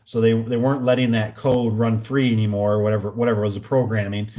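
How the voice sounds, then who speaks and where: A man's voice: on the low side, level tone, fast talker, mellow. A man who installs garage doors, ranting casually in a vlog and acting out both sides of his phone calls. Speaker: garage door and gate installer.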